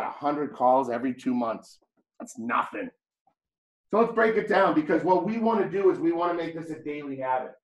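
Boston-accented man, blunt trainer talk, slightly high voice, echoey training room. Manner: blunt, conversational, jokey. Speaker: real estate trainer.

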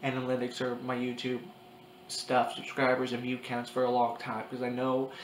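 A young man in his early twenties talking to his camera in a confessional vlog, crying, halting and repeating himself. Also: medium pitch, completely flat delivery. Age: 20s. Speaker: vlogger. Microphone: camera mic. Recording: echoey room with faint background noise.

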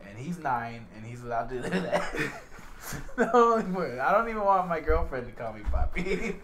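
A man hosts a relaxed podcast conversation, laughing often as he talks. His voice sits a bit high and swings widely in pitch, sounding animated throughout. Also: moderate pace, crowd noise. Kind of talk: casual chat.

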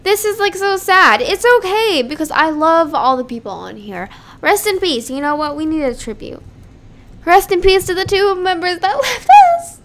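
A woman's voice: very high-pitched, lively intonation, normal speed, a bit bright, a little hiss or hum. A woman YouTuber giving casual, rambling game commentary into her microphone, giggling and melodramatic. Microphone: desk microphone.

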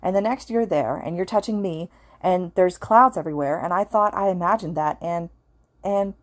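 Brief: a woman as a panicky teen boy, stammering, voice pushed higher, dry close sound. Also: moderate pace, no echo, lightly acted. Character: anxious, flustered teenage boy student.

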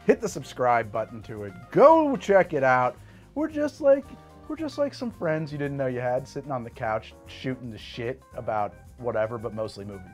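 A middle-aged man hosting a casual cocktail tutorial at his home bar, chatty and animated, swearing freely. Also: mid-range voice, fairly quick, hardly any pauses, soft background music. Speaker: host making cocktails.

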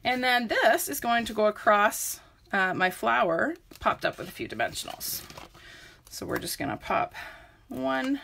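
Woman, live craft demo, chatty and friendly, bright clear tone. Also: a little high, sing-song, measured pace, slight background noise. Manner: chatty, greets viewers by name mid-demo. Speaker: papercraft demonstrator.

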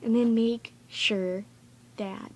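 A woman's voice: fairly high pitch, fairly even intonation, takes it slowly. A woman recording a casual, rambling tutorial vlog in her bedroom, chatty and goofy and easily sidetracked. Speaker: vlogger.

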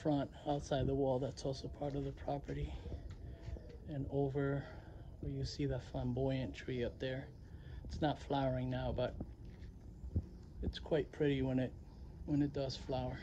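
A man's voice: mid-range voice, a little slow, muffled recording, background noise. Man giving a casual outdoor tour. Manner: relaxed, chatty, says "y'all". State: winded near the end. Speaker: vlogger giving a garden tour. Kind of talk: casual walking tour narration. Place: outdoors on a rural property.

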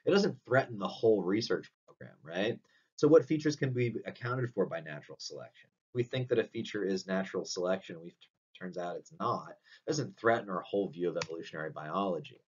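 Low-voiced man lecturing, distant lo-fi. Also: breathy edge. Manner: explanatory, frequent "right?" tag questions. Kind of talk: recorded online lecture. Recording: dull distant lo-fi audio.

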